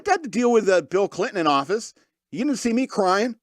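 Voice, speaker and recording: A man's voice: high-pitched, lively intonation, fairly quick, dry recording, studio quality. A man hosting a podcast, reading news stories aloud and breaking off into sarcastic, mocking asides. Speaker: podcast host. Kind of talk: comedic news commentary.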